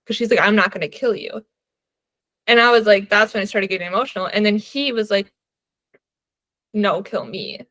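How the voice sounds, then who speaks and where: A woman's voice: mid-range voice, normal speed, long pauses, fairly bright tone, dry recording. A young woman co-hosting a book podcast, chatting casually and animatedly, laughing and filling her talk with "like". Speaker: podcast co-host.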